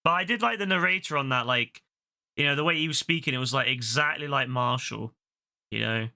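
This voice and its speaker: A man's voice: fairly high pitch, fairly quick, bright, forceful tone. A young man chatting casually into a headset while streaming a game, swearing freely and using lots of fillers. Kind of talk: casual gaming stream commentary.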